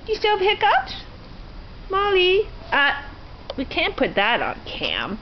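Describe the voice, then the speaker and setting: Woman, dog owner, baby talk to pet, doting, teasing, lively pitch, home video, barking dog, background noise. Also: measured pace, lo-fi sound. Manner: sing-song, doting, teasing. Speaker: dog owner filming her puppy. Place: home, indoors. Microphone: handheld camera.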